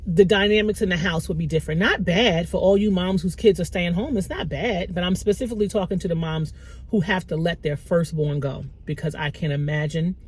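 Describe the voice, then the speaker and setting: A middle-aged woman, a mother with a small business, talks to camera a little fast in a slightly rough voice, giving a heartfelt, tearful pep talk about faith. The tone is warm and conversational, full of lively pitch swings and bursts of laughter.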